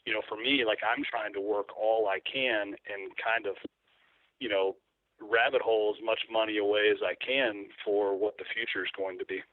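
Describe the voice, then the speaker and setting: Low-voiced man on a tinny phone line. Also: steady tone, normal speed, no echo. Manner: rambling, with many fillers and restarts. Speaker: guest, hunting photographer. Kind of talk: casual interview over the phone.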